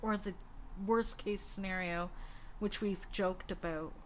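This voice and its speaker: A woman's voice: mid-range voice, fairly even intonation, measured pace, slight background noise, poor audio. A woman chatting casually on a live stream at home, rambling and exasperated, talking in fits and restarts as she gets a tarot reading.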